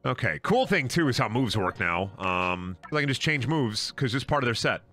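A man's voice: mid-range voice, big pitch swings, moderate pace, sharp tone. A young man streaming a video game, joking, rambling and swearing freely as he plays. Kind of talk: casual game stream commentary. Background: faint game music.

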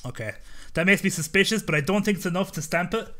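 A man talks through his game in a sharp, bright voice pitched a touch high. He jokes, mutters to himself and flares into mock outbursts full of swearing. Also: quick pace. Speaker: let's play host. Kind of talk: gameplay commentary.

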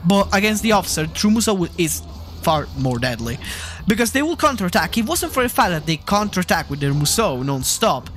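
A man's voice: high-pitched, sing-song, fairly quick, a bit bright, soft background music. A man hosting a gaming channel, chatting casually over gameplay, rambling, repeating himself and getting heated and swearing.

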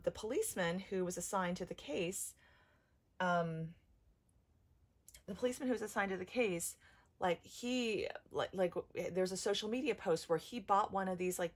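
Woman, 30s, lowish voice; upset, halting home vlog delivery, lots of restarts. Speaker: vlogger. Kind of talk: emotional personal vlog.

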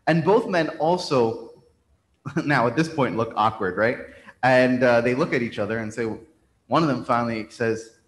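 A man's voice: medium pitch, normal speed. Man telling a sermon story in an echoing church. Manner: conversational with frequent restarts. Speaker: priest. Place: church sanctuary. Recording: roomy church reverb.

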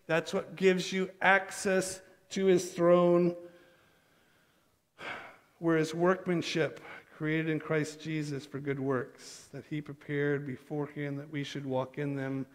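A man preaching in a church sanctuary, his fairly high voice carrying long reverb from the hall. He is animated and slips into quick acted bits of dialogue. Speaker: pastor. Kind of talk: sermon.

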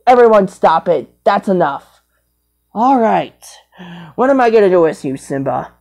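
Slow, scolding woman voicing toy play. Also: expressive. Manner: repetitive, scolding, bursts of high loud cries. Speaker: vlogger. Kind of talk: toy play with improvised character voices.

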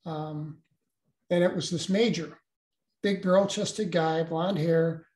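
An older man, a guest, recounting a personal experience in a halting way with many restarts. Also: on the high side, steady tone, darkish tone, roomy sound.

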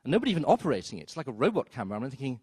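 A man telling a story on stage at a live event, wry and self-mocking, with quick asides and acted-out quotes. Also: medium pitch, sing-song, a little mellow, husky, dry recording, studio quality. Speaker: storyteller, film critic. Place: theater stage before an audience.

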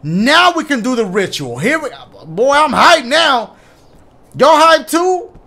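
An excitable man commentates his horror-game playthrough, swearing freely and talking straight to his viewers. His voice sits high for a man and leaps around with big swings in pitch. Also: slow, creaky. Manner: excitable, profane, talks to viewers. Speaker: gaming YouTuber. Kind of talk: let's-play commentary.

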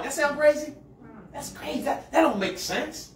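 Male preacher, call-and-response sermon, very high voice, roomy distant sound. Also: lively intonation, normal speed. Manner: call-and-response preaching, swings from quiet asides to shouts. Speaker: pastor. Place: church sanctuary with a congregation. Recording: echoey hall, mic far off. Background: congregation answering.

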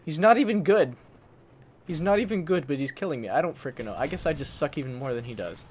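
A man's voice: mid-range voice, big pitch swings, fast talker, a little hiss or hum. A man giving casual live commentary while playing a shooter, grumbling at opponents and swapping in mild stand-ins for swear words. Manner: frustrated, mild swearing substitutes, talks to enemies. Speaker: gaming channel host.

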